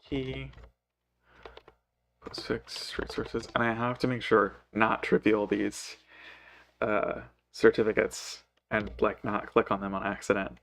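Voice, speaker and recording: Slow, muttering man thinking aloud. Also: on the low side, little pitch movement, creaky, a bit bright. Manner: hesitant, self-correcting, muttering to himself. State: sleepy, yawning. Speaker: programmer live coding. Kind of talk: thinking aloud while coding.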